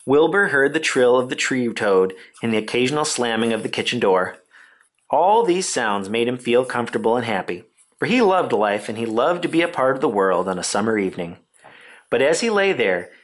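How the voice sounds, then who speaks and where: A man reading a children's storybook aloud with gentle expressive narration. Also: mid-range voice, moderate pace. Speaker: reader.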